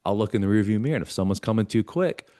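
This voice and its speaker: Talking rapid-fire, a man with a fairly low, warm, expressive voice tells his story as a talk-show guest. He's earnest throughout and acts out the dialogue between himself and a mentor. The recording is dry and studio-clean.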